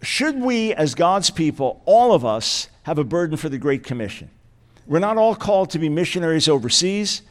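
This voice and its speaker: A man's voice: on the high side, very animated, moderate pace. Emphatic man preaching a sermon. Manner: emphatic, repeats key words. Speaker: guest preacher.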